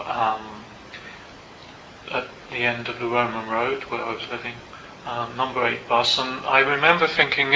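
An older man, a meditation teacher, tells a personal story to a group in a Buddhist centre, in a reflective and unhurried way with small asides. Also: medium pitch, sharp tone, slight background noise. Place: Buddhist centre meeting room. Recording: roomy, slightly dull hall recording.

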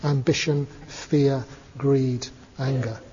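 Man voicing a calm, matter-of-fact Buddha, long reverb. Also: medium pitch, takes it slowly, breathy edge. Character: calm, gently teasing male Buddha. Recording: dull lo-fi recording, long reverb.

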